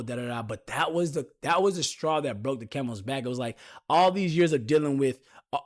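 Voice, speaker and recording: A young man, talking to his podcast listeners in a loose, personal, storytelling way. His voice sits at an ordinary middle pitch, and he confides in the audience, calling them "y'all". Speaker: podcast host.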